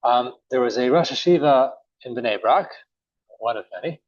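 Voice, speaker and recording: A man teaching a morning Talmud class, telling a story casually with many pauses and restarts. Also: mid-range voice, no room sound. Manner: relaxed, halting, many uhs and restarts. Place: synagogue or study room. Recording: dull, dry recording.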